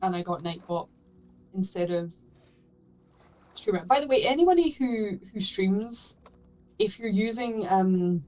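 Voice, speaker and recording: A woman's voice: mid-range voice, expressive, a little slow, pauses often, darkish tone, rough recording. A woman co-hosting a game stream, telling stories in a chatty way and swearing casually. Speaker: co-streamer guest. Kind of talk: casual chat while gaming.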